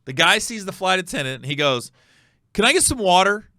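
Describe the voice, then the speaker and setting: A man tells a story as a comedy host, jumping between voices for the people in it. His pitch swings widely and his tone is bright and forward. The recording is close and dry. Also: a little fast, dry recording. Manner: animated, acts out the other voices in the story. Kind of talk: storytelling monologue.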